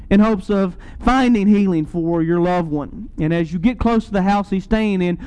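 Smooth high-voiced male preacher. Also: warm tone, poor audio. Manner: earnest, rising to emphatic peaks. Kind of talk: sermon.

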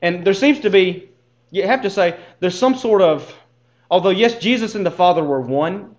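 A man's voice: high-pitched, animated, normal speed, roomy sound, lo-fi sound. A man teaching a Bible class in earnest, posing rhetorical questions and restarting his phrases.

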